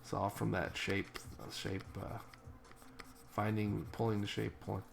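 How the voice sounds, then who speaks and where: A man with a deep, heavily gravelly voice talks himself through a digital painting. He rambles in a relaxed way and restarts his sentences often. A faint hiss of noise sits under the recording. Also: unhurried. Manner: rambling, casual, self-correcting. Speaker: digital artist. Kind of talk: thinking aloud while painting.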